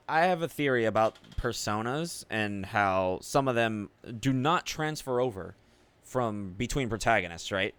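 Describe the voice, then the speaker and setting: A man's voice: medium pitch, a bit bright, clean tone, dry recording. A man in a mid-range voice talks casually over game footage. He rambles and muses aloud, trailing off into fillers and throwing in the occasional offhand swear word. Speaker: gaming video creator.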